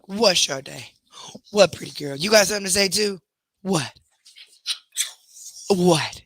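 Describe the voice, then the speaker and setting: A woman's voice: on the low side, a bit bright, no echo. A woman hosting a casual livestream from her bedroom at home, chatting with viewers while scolding and coaxing her pets. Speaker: livestream host.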